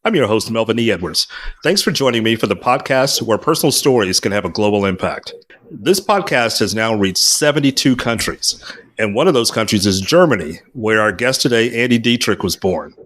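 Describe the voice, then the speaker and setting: A man hosting a podcast, welcoming his guest and asking questions in a measured way. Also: lowish voice, expressive, fairly bright tone. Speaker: podcast host.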